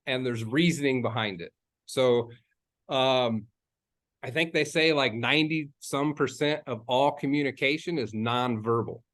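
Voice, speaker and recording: A real estate agent gives a casual coaching talk in a medium-pitched, slightly bright voice. He rambles and chats, full of fillers and restarts, and repeats key phrases for emphasis.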